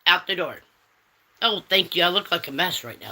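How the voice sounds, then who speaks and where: Sassy bright-voiced woman on a livestream. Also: lowish voice, lively intonation, moderate pace. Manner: sassy, teasing, calls viewers honey and darling. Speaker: livestream host reading chat. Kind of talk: casual live chat.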